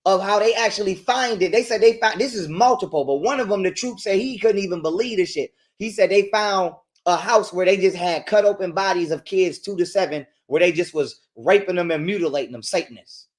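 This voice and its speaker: A man's voice: high-pitched, fairly quick, hardly any pauses. A man ranting crudely and emphatically as a guest on a livestream. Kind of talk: profane livestream rant.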